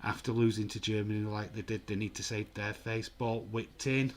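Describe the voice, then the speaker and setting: A man giving casual, excitable live football commentary and reading out viewer comments. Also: fairly low pitch, moderate pace. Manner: chatty, excitable, reads viewer comments aloud. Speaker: host of a live football watch-along.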